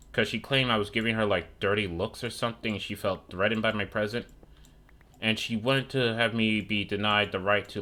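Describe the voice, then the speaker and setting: A man's voice: fairly low pitch, sharp tone. A young man streaming a video game, chatting in a rambling, profane, sarcastic way. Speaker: gaming streamer. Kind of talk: casual chat while gaming.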